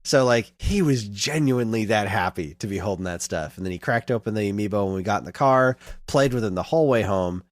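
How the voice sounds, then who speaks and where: Man, podcast co-host, low voice, dry close sound, rambling casual storytelling. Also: fairly quick, hardly any pauses, dry recording. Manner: rambling storyteller, animated in retelling.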